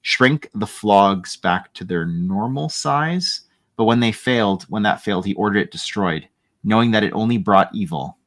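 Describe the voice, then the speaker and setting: A man's voice: on the low side, expressive, moderate pace, a bit bright. A man hosting a casual book club chat, reading passages aloud from a novel and breaking off with asides.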